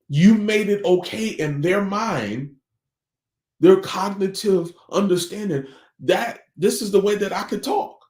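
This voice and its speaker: Earnest high-voiced man preaching to parents. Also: darkish tone, roomy sound. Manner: earnest, preachy, repeated rhetorical questions. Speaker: family life speaker. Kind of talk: morning motivational talk.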